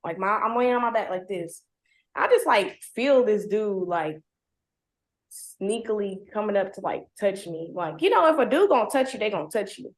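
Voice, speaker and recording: A young woman with a mid-range, expressive voice tells her own story at a moderate pace, talking casually and bluntly with lots of slang and constant "like" fillers. The recording sounds roomy, with a noticeable echo.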